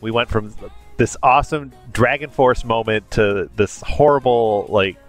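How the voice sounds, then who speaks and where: A man's voice: mid-range voice, unhurried, soft background music. A man hosting anime reactions in casual commentary, emotional and gushing, with many fillers. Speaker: anime reaction channel host.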